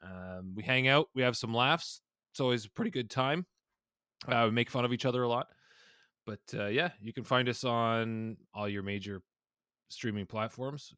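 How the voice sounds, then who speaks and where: Bright-voiced easygoing podcast guest. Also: male voice, fairly low pitch, no room sound, studio quality. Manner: easygoing, laughing. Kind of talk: casual podcast chat.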